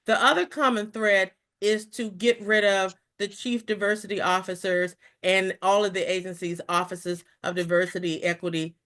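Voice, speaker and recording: A middle-aged woman leading a live discussion as the president of a federal employee group, talking fast and excitedly and tripping over repeated words. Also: mid-range voice. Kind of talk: live online discussion briefing.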